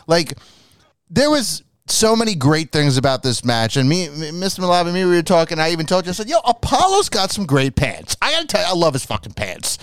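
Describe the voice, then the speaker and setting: A man's voice: fairly high pitch, animated, quick pace, smooth, no room sound. A man in casual podcast chat who talks animatedly, swears often and laughs a lot. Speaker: podcast co-host.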